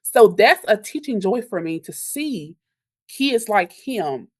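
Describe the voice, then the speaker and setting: A woman teacher, telling animated stories in a podcast interview and acting out what her students say. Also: mid-range voice, slow pace, no echo. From Louisiana. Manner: animated storyteller, acts out quotes from kids. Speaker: elementary school teacher.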